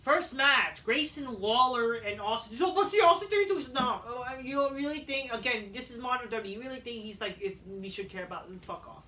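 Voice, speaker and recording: A woman with a bright, pushy voice rants her way through a review, swearing freely and waving things off as she goes. She sits well back from the mic in a roomy, echoing space. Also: a little high, animated, a little fast, hardly any pauses. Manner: profane, dismissive, rambling. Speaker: wrestling show reviewer. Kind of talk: casual review rant. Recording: echoey room, voice far from mic.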